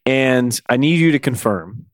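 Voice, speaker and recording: A man's voice: medium pitch, expressive, unhurried, no room sound. A man co-hosting a casual podcast about movies, talking with wry, dry humor. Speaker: podcast co-host.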